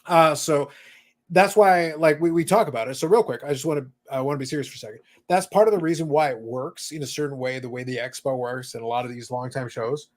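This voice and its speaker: A fast-talking man with a mid-range voice runs a casual hobby podcast. He's chatty, uses many fillers and reads viewer comments aloud between his own thoughts.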